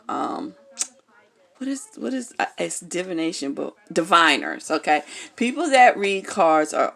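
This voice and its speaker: A woman's voice: on the low side, gravelly. A woman reading tarot cards in a casual vlog, talking bluntly and frankly, swearing freely and checking in with her viewers as she goes. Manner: keeps checking in with "okay?". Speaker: tarot card reader.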